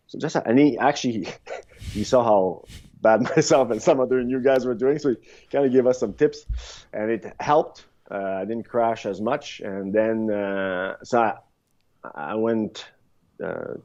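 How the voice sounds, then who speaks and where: A man in his fifties, a podcast guest, telling rambling, animated stories in a casual interview, with frequent restarts. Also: on the low side, moderate pace. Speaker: podcast guest, former luge athlete. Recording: dull lo-fi sound.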